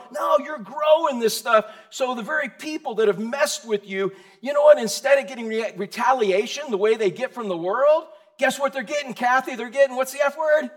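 A middle-aged male pastor giving a lively, joking sermon and calling out to the congregation. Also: very high-pitched, moderate pace, hardly any pauses. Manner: animated, jokey, calls on the congregation, frequent restarts.

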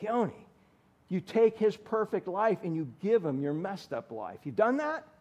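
A man with a fairly high voice delivers a sermon. He preaches with animated energy, swinging between loud emphasis and quiet asides, and calls on people by name to answer his questions. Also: measured pace, lo-fi sound. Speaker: pastor.

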